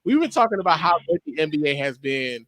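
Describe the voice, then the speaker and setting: A man in his thirties co-hosting a podcast, chatting casually about sports with loud, laughing, profane banter. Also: fairly high pitch, very animated, fast. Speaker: podcast co-host.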